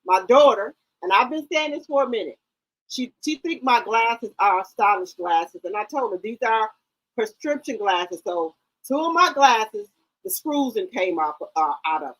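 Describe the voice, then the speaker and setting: A woman's voice: a little high, expressive, moderate pace, a bit bright, dry recording, poor audio. Sassy, blunt woman in her fifties. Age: 50s. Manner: blunt, sassy, curses freely. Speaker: livestream host. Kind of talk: casual livestream chat.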